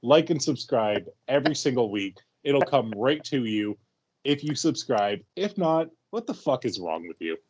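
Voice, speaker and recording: A man co-hosting a wrestling podcast, excitable and brash, swearing freely as he talks. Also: medium pitch, normal speed, muffled recording. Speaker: podcast co-host. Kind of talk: casual podcast chat.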